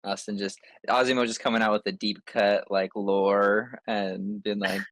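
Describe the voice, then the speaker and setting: A man playing a tabletop game, chatting and planning his team out loud. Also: on the low side, level tone, moderate pace, dry recording. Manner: laid-back, planning out loud. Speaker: player. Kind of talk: casual tabletop chat.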